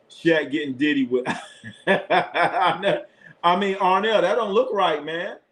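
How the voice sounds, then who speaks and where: A man's voice: fairly high pitch, takes it slowly, fairly bright tone. A man hosting a live sports stream, talking loosely in casual chat, blunt and profane, laughing often. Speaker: sports show host.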